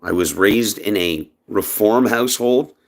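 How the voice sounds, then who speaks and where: A man from Canada giving an impassioned personal monologue in his own vlog, speaking emphatically. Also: a little slow. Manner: emphatic, impassioned, lively swings in pitch. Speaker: vlogger.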